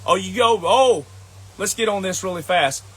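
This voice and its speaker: A man's voice: high voice, moderate pace, fairly bright tone, husky. A man with a Southern US accent delivering a scolding, combative monologue as an online commentator, repeating his points. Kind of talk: ranting monologue to camera.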